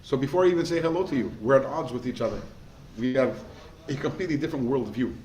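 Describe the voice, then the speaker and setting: A man, a rabbi, giving a lively class, quizzing students and telling stories in an animated way. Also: mid-range voice, fast. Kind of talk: lively lecture with questions to students. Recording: echoey room, faint background noise.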